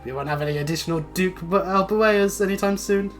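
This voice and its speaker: A woman's voice: medium pitch, a little fast, faint music behind. A woman giving casual commentary over her gameplay, full of joking, sarcastic asides. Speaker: let's play host.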